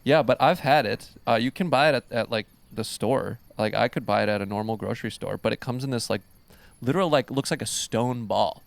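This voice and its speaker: A man's voice: medium pitch, a little fast, creaky. A man hosting a podcast, chatting loosely and rambling, swearing casually. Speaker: podcast host. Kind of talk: casual chat.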